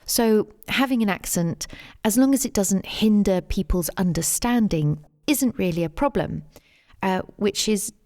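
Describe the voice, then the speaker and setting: A middle-aged woman with a London English accent, answering interview questions as the guest, measured and thoughtful, with plenty of "um" and "you know". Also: medium pitch, lively intonation, darkish tone. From England. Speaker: guest, English teacher and tour guide.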